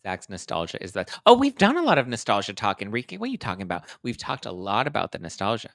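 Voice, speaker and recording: A man in his thirties hosting a casual livestream, chatting quickly and reading viewer comments aloud. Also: lowish voice, vocal fry, no echo, studio quality. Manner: chatty, animated, reads live chat aloud. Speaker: host.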